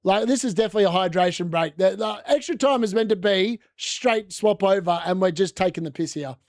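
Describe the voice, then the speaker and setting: A man's voice: sits high, fairly quick, no echo, studio quality. A young adult man with an Australian accent, hosting a casual live football watchalong and reacting to the chat. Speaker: watchalong host.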